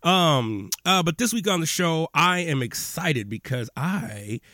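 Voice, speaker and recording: A man's voice: fairly high pitch, expressive, measured pace, pushed and bright, no echo, clean studio sound. A man hosting a podcast in a laid-back, slangy chat, often laughing as he talks. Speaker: podcast host.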